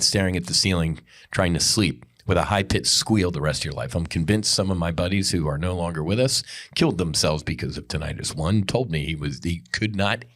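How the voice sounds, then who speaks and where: Podcast host, male, low-pitched, angry unscripted rant, blunt and profane. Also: fairly bright tone. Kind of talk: unscripted ranting monologue.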